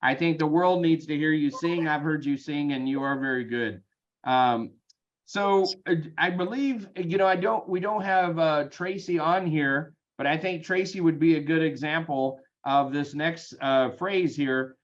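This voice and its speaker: A man leading a sales team meeting, energetic and chatty, with frequent ums, over a video call. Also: fairly high pitch, a little slow, muffled recording. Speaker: real estate team leader.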